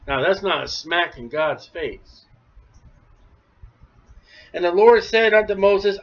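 A man preaching a sermon, emphatic, rising to near shouts then dropping low. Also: lively intonation, slow, pauses often. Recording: dull lo-fi recording.

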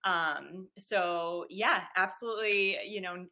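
Brief: woman sports reporter guest, gracious and friendly, lowish pitch, bright crisp tone. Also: takes it slowly. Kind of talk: casual interview chat.

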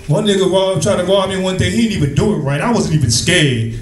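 A man doing stand-up comedy, telling loose, profane, animated stories and bantering with the crowd. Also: sits high, fast, far from the mic. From Brooklyn, New York. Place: comedy club. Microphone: handheld stage mic. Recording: echoey club recorded from afar, crowd.

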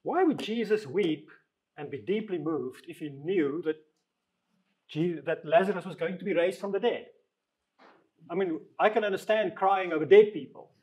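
Fairly high-voiced man leading Bible study. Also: darkish tone, poor audio. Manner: conversational, reads scripture aloud slowly, asks the group questions. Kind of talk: leading a group Bible discussion.

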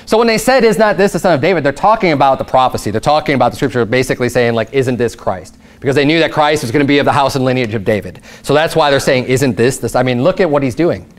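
A man pastor preaching a sermon, reading scripture slowly and explaining it in casual asides, with rhetorical questions that jump up in pitch. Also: lively intonation. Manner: rises sharply in pitch for emphatic rhetorical questions.

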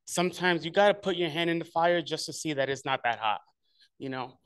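A man's voice: on the high side, a little fast, fairly bright tone, clear, resonant tone, no room sound. A man hosting a club meeting, introducing each speaker in an encouraging, conversational way.

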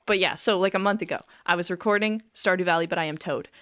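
A woman live-streaming a video game, chatting casually in a rambling, self-deprecating way, full of "like" and quick giggles. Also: lowish voice, a bit bright, clear, resonant tone, no echo, clean studio sound.

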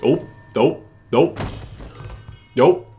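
A man's voice: medium pitch, drawn-out words, dark tone, soft background music. A young British man giving jumpy, exclamatory let's-play commentary, full of jokes, as a gaming YouTuber.

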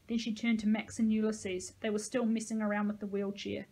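Female teacher, novel read-aloud, steady plain delivery, mid pitch. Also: a little fast, few pauses, husky.

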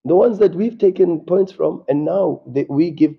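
A man's voice: on the high side, moderate pace, vocal fry, breathy edge, narrow, tinny audio. A South African man, a football coach at a post-match press conference, speaking with passion and frequent stammering restarts. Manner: impassioned, repetitive, stammering restarts.

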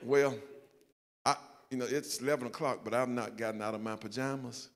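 A steady, mid-range male voice moves briskly with a long reverb tail. He is an older pastor with a Southern US accent, telling a self-mocking story in a church sanctuary sermon and performing the quotes.

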